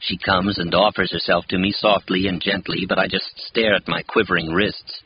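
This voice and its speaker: A man with a somewhat low voice reads a first-person novel, measured and expressive. The audiobook sounds muffled and lo-fi, with a faint hiss behind it. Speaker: audiobook narrator.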